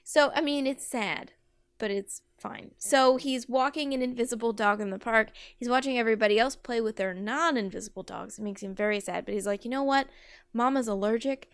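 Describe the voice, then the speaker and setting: A woman's voice: on the high side, a little fast, clean tone, no echo. A woman podcast host telling a rambling comic story with lots of fillers. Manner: rambling, filler-heavy, giggly.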